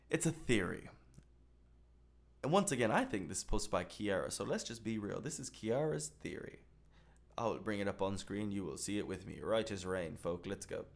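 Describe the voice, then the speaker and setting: A man's voice: on the low side, creaky. A man hosting a podcast, ranting with lots of swearing and reading social media posts aloud in a mocking tone. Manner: profane, animated ranting. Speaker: podcast host. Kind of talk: casual commentary.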